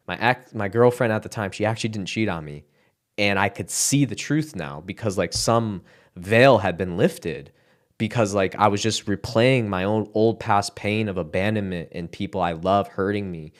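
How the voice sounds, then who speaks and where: A young man giving a halting, emotional personal testimony, close to tears, with casual fillers and sighs. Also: lowish voice. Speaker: content creator sharing his testimony.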